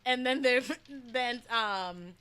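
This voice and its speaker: A young woman from the Dominican Republic, a native Spanish speaker, co-hosting a casual podcast chat, animated and laughing as she retells stories. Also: a little high, slow, smooth. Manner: animated, laughing, quotes others in voices. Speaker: podcast co-host.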